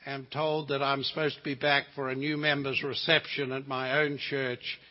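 A man's voice: mid-range voice, flat delivery, moderate pace. An older man with a New Zealand accent preaching a sermon as a guest preacher, telling stories with humor and asides. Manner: folksy storytelling with asides and humor. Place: church sanctuary. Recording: lo-fi sound in a reverberant church.

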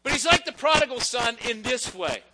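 A man with a notably high voice preaches in a conversational way, tossing in quick quoted asides as he goes. Music plays clearly behind his sermon. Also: lively intonation, sharp tone, poor audio. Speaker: pastor.

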